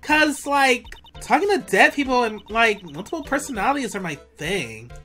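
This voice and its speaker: A woman's voice: a little high, very animated, normal speed, a bit bright, faint music behind, voice pushed up. A woman voicing a ditzy young female college student with a valley girl drawl, full of "like". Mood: bubbly.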